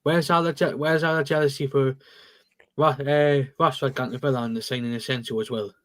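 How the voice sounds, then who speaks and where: Male panelist in a live football chat, chatty and casual, mid pitch. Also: steady tone, fairly quick, a bit bright. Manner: chatty, talks with mouth full. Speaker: guest panelist.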